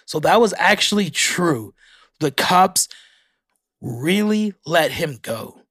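A young man hosts a casual solo podcast, reading facts out and reacting to them with frequent profanity. His voice sits a little high for a man. The sound is dry and close, with no room around it. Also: animated, slow pace, a bit bright, breathy edge, dry recording. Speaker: podcast host.

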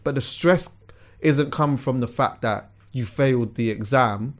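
A young man hosting a podcast, talking in a relaxed, reflective way with plenty of slang. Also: mid-range voice, unhurried. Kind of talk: casual chat.

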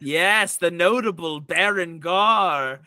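A man running a tabletop game, high-pitched and bright, talking slowly with lots of ums and likes. Close, dry mic. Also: clear, resonant tone, dry recording. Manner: casual with many fillers. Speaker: dungeon master.

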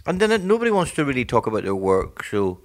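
Middle-aged male comic, lively storyteller, big pitch swings, does the voices. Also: fast talker. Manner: animated storyteller, acts out voices in his stories. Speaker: comedian guest. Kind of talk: casual chat, telling anecdotes and jokes.

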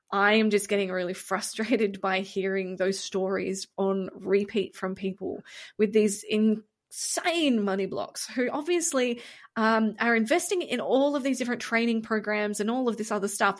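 A woman co-hosts a casual podcast chat. She is blunt and exasperated, and she swears freely. Her voice sits at a middle pitch for a woman. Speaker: podcast co-host.

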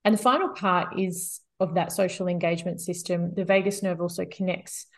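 A woman guest expert in an interview, explaining calmly and steadily with frequent "you know" fillers. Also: on the low side, normal speed.

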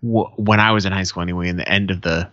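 A man's voice: sits low, fairly even intonation, fast, sharp tone, no room sound, dull audio. A man co-hosting a podcast, telling profane stories in casual chat and acting out the quotes. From Arizona. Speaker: podcast co-host.

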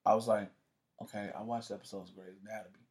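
Profane, animated male storyteller. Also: fairly low pitch, fast. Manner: profane, animated, acts out quoted voices. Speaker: guest telling a story. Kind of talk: casual storytelling in conversation.

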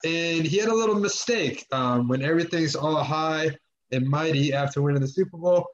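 A man's voice: on the high side, moderate pace, lo-fi sound, a little hiss or hum. A man co-hosting a casual sports chat, rambling along with lots of fillers and restarts. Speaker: podcast co-host.

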